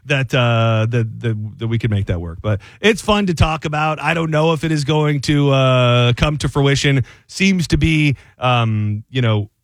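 A man hosting a sports talk radio show, chatting casually with halting restarts. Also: medium pitch, no room sound.

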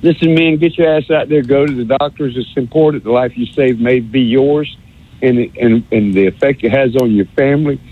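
A man's voice: mid-range voice, fairly quick, husky. A man calling into a radio show, rambling and sarcastic, stammering over repeated words on a phone line. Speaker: radio call-in caller. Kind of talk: rambling call-in rant. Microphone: telephone.

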